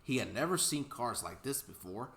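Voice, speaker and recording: A man's voice: medium pitch, very animated, normal speed, creaky, fairly bright tone, reverberant. A young man casually reading a children's story aloud with stumbles and restarts while co-hosting a game let's play.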